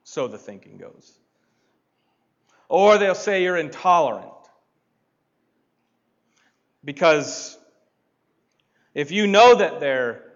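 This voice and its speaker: A man preaching a sermon, deliberate and building to emphatic points. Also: on the high side, highs cut off. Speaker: pastor.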